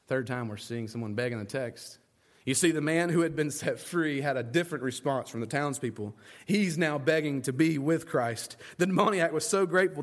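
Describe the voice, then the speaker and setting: A pastor with a notably high voice delivers a sermon to his congregation. He is earnest and emphatic, driving points home through repetition and rhetorical questions.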